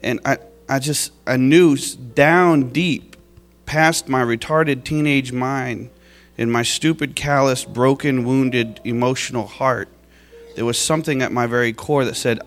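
A man stands before his church and gives a heartfelt testimony of gratitude. His voice sits at an ordinary middle pitch, now tearful, now breaking into a laugh at his younger self. Soft music plays faintly behind him. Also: fairly even intonation, measured pace. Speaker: church member giving testimony.

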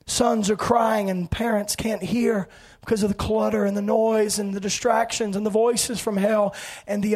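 A man preaching an impassioned sermon, swinging between fervent shouting and hushed, quiet passages. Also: sits high.

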